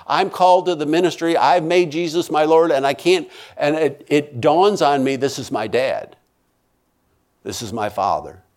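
A minister with a rather high voice shares an emotional personal testimony, repeating phrases for emphasis. He swings between loud pleading and hushed tones.

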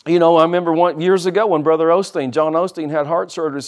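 A man's voice: fairly high pitch, fairly even intonation, fast talker. A middle-aged man preaching a sermon as pastor, with humorous asides and rhetorical questions.

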